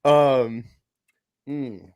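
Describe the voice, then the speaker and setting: A man's voice: medium pitch, fairly even intonation, drawn-out words, darkish tone, clear, resonant tone, dry recording. A man hosting a casual live stream about comic books. He rambles, swears freely and talks with sarcasm. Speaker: host. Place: home room at a table.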